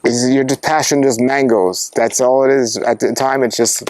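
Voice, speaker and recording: A man's voice: medium pitch, steady tone, moderate pace, darkish tone. A man who hosts a fruit-growing channel interviews a farmer and signs off with enthusiastic, upbeat presenting. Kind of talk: interview and sign-off.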